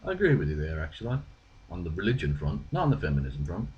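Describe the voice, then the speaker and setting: A man's voice: low-pitched, very animated, fast, lo-fi sound, slight background noise. A man with a British accent giving dry, sarcastic, profane rebuttals. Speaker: video creator responding. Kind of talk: rebuttal commentary.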